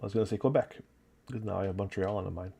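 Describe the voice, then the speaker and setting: This livestream host, who has an upstate New York accent, rambles easily as he paints miniatures and keeps up with the chat. His low voice is creaky and a bit rough, and he talks very fast.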